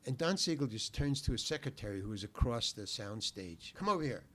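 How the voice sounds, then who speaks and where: An older man, a podcast guest, telling a long anecdote in an animated, profane, self-deprecating way. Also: lowish voice, brisk, a little hiss or hum. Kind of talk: anecdotal storytelling in a podcast interview.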